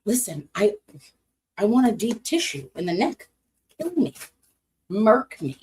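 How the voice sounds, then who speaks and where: An American woman streaming casually to her chat, animated, cursing freely, and swinging up high when excited. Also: unhurried, a little hiss or hum. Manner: animated, swearing, talks to chat.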